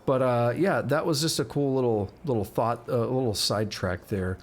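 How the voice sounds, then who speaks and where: A man's voice: medium pitch, moderate pace. A man streaming a game live, chatting casually and reading in-game text aloud, stumbling over words and correcting himself.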